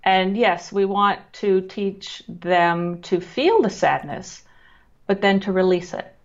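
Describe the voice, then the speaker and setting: A woman guest speaking calmly and at a measured pace, explaining her work with children, with frequent fillers and restarts. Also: mid-range voice. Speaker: guest who works with children on emotions. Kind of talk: explanatory interview talk. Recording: slightly dull lo-fi audio.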